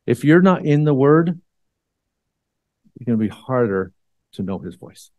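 Male church elder, mid-pitched, dry close sound, chatty sermon delivery with ums and restarts. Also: big pitch swings, unhurried, a little mellow, no echo, muffled recording. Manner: conversational, with frequent fillers and restarts.

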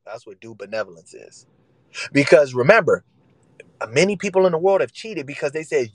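A man's voice: a little high, sing-song, brisk, no echo, poor audio. A man preaching a sermon in casual vernacular, emphatic and repetitive, acting out the voices he quotes.

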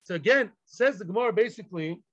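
A man with a fairly high voice teaches a Talmud class, playfully acting out each side of the dispute and dropping Hebrew and Yiddish terms into his talk. The recording is dull and lo-fi, with a dry, close sound. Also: expressive, fast, fairly bright tone, dry recording. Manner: acts out both sides of the argument, playful.

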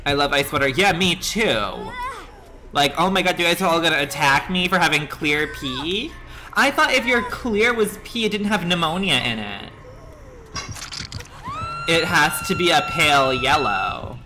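Animated, bright-voiced male game streamer. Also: fairly high pitch, unhurried. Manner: excitable, swears a lot, reacts loudly and reads chat. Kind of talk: live gaming stream chat.

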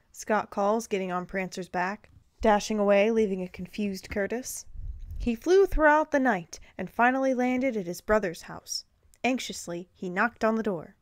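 A woman reading a fan fiction story aloud in a gentle, even storytelling voice. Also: mid-range voice, normal speed.

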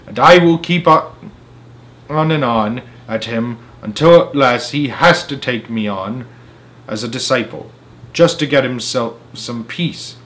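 Man reading a story aloud dramatically. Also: mid-range voice. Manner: dramatic reading with sudden swings in loudness. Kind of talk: children's story read aloud.

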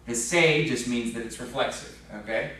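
A man's voice: mid-range voice, moderate pace, pushed and bright. Man teaching in a very echoey room. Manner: explains patiently, asks the class questions, frequent "okay?". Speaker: Spanish teacher. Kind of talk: classroom teaching. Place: church classroom. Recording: very echoey classroom recorded from far off.

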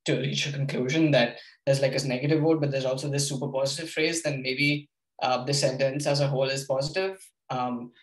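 A man's voice: mid-range voice, echoey room, poor audio. A young man giving an informal workshop lecture, with lots of ums, hesitations and restarts. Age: young adult. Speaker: workshop presenter.

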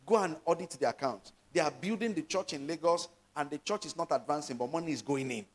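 A man's voice: a little high, fast talker. Man preaching a sermon. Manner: preaching with call-and-response questions. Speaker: pastor. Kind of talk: sermon with scripture reading.

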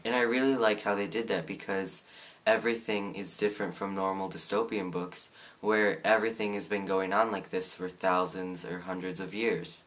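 A man's voice: lowish voice, a bit bright. A teenage man giving a casual, opinionated book review with a sarcastic streak.

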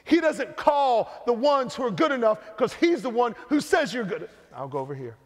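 High-voiced preacher man in a reverberant hall. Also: very animated, normal speed. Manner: preaching, swings between loud and hushed. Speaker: co-pastor. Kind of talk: sermon. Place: church sanctuary.

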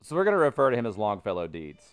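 Man doing pompous cartoon mayor impression, boston-style accent, smooth voice, rambling game commentary. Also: on the low side, big pitch swings, racing, faint music behind. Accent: Boston-style impression with slips of Brooklyn. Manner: talks in a put-on politician cartoon voice, rambling. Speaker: streamer.

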